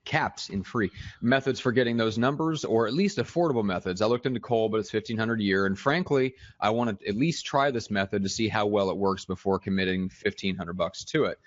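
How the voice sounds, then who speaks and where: Steady, low-voiced man host. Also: fairly quick, few pauses, dry recording, highs cut off. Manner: steady, organized, reads listener questions. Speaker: podcast host. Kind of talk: casual chat.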